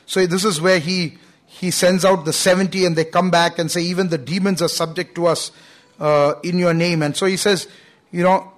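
A man delivers a sermon in an earnest, emphatic way. His voice sits fairly high for a man, and he leans on key words, tossing in "you know" as he goes. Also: fairly even intonation, moderate pace, a bit bright. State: coughing at times. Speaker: preacher.

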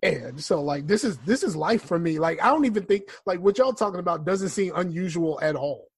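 A man co-hosting a podcast, speaking in a matter-of-fact, slightly halting casual chat. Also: sits high, expressive, slightly rough. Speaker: podcast co-host.

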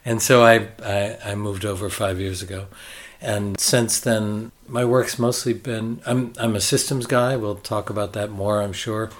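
An older man with a Boston American accent, a consultant guest talking in a relaxed, reflective and halting way. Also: fairly low pitch. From United States. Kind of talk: conversational interview.

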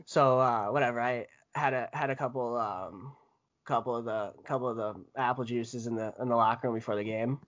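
A young man, a former hockey player, telling profane stories in casual podcast chat, animated and often laughing. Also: mid-range voice, a little fast, lo-fi sound.

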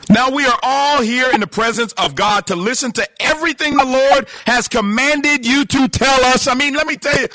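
Guy preaching a sermon, super lively ups and downs, bright edgy voice. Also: very high voice, dry recording. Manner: animated, emphatic, preaching with laughs and exclamations.

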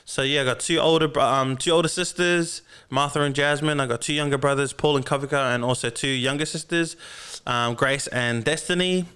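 A man in his twenties from Melbourne, Australia, speaks with an Australian accent in a fairly high, bright, forceful voice that is clean in tone. He talks a little fast with fairly even intonation. Hosting a casual podcast through a podcast mic and mixing console, he jokes in a laid-back way, with lots of ums and the odd swear word.

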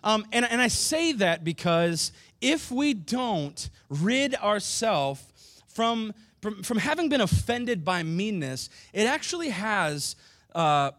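Emphatic pastor preaching a sermon. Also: male voice, high voice, sing-song, slow, fairly bright tone, no room sound, studio quality. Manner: emphatic preaching with rhetorical questions to the congregation. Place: church sanctuary.

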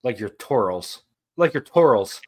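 A young man with a New York-area accent trades jokes in loose, profane podcast banter. His pitch swings widely as he argues, and he sits at a medium pitch. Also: very animated, measured pace, a little mellow. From New Jersey or New York area. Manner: joking, argumentative, profane. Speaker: podcast co-host. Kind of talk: casual banter.

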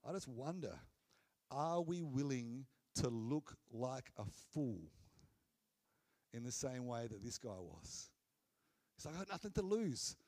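A man preaching a sermon in an earnest, conversational way, dropping low and soft on key phrases. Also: expressive, slow, pauses often.

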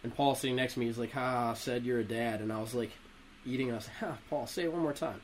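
A young man telling profane stories to friends in casual chat, animated and laughing between lines. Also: medium pitch, fast, a little hiss or hum, poor audio. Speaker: storyteller among friends.

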